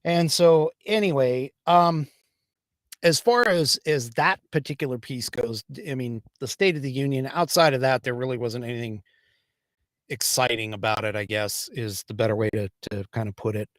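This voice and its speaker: A man's voice: mid-range voice, moderate pace, dry recording, studio quality. A man from the United States hosting a livestream political podcast, talking casually and rambling with many fillers and restarts. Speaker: podcast host.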